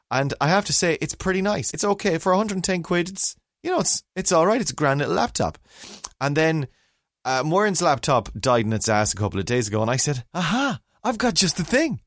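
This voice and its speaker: A man's voice: mid-range voice, animated, a little fast, a bit bright, no echo, studio quality. A middle-aged Irish man with a rambling, self-mocking manner, telling a long story in casual chat as podcast co-host, on a remote call mic. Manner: rambling, self-mocking, acts out other voices.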